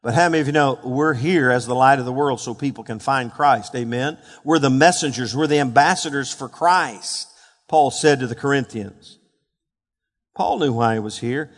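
A man preaching a sermon, fervent, building to shouted peaks and asking the congregation questions. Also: mid-range voice, moderate pace. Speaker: pastor. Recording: long hall reverb.

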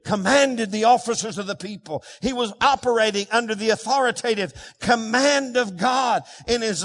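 A man's voice: sits high, a bit bright. A man preaching a sermon as pastor, emphatic and drawing call-and-response from his congregation. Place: church sanctuary. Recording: long reverb of a large hall.

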